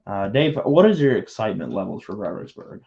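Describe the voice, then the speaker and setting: A man's voice: on the low side, sing-song, fast, vocal fry, a little mellow. A man hosting a livestream, chatting casually and teasing his co-host while building, with rambling talk and frequent restarts. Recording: muffled lo-fi stream audio.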